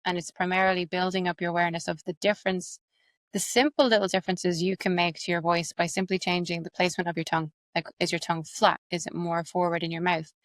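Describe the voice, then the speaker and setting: A woman with an Irish accent, an accent coach and actress, explaining her methods quickly and animatedly in an interview. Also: fairly low pitch, dry recording. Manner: fast, animated, explains with examples.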